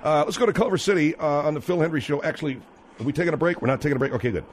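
A man's voice: fairly high pitch, rapid-fire, a little hiss or hum. A man hosting a comedic radio talk show, questioning callers with incredulous exasperation.

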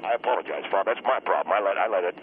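An actor playing a hot-tempered teacher who guests on a talk show, ranting and stammering in loud bursts. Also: male voice, low-pitched, animated, very fast, narrow, tinny audio, slight background noise. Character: blustering middle-aged male teacher, hot-tempered. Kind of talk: comedic radio talk show sketch.

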